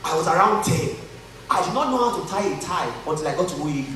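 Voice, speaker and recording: The speaker, a Nigerian-accented man at a conference, talks fast in a fairly high, fairly bright voice, animated as he shifts from joking to earnestness in his motivational talk. The live audience fills a large hall, and the far-off recording echoes with a little hiss or hum.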